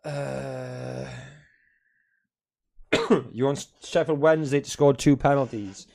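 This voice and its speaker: A man hosts a live football watch-along from in front of his television at home. He talks loosely and casually, rattling off scores and team sheets, with the odd swear word and a habit of winding up his viewers. His voice sits at an ordinary middle pitch for a man. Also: steady tone, takes it slowly, vocal fry, darkish tone. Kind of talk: casual live-stream chat.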